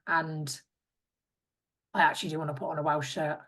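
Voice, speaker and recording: Chatty young Englishwoman, lowish voice. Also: flat delivery, normal speed, a bit bright. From England. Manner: chatty, acts out quoted voices. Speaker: guest, former rugby player. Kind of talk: casual interview chat.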